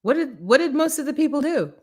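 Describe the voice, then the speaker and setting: Woman, morning show host, motivational live-stream talk, animated, preachy, storytelling. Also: high-pitched, fast.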